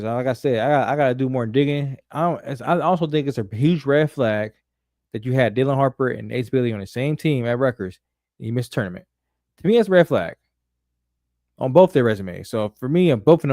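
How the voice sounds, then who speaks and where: Animated, profane man, dry sound. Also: mid-range voice, no room sound. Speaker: podcast co-host. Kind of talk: casual sports talk.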